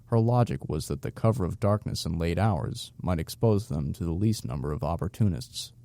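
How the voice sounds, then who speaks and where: Deep gravelly male narrator. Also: lively intonation, moderate pace, warm tone. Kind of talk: audiobook narration.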